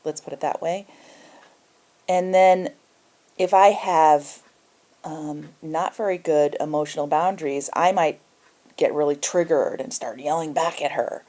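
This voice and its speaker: Low, mellow-voiced woman teaching. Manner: explanatory, acts out example dialogue. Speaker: emotional health teacher. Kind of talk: spoken self-help lesson.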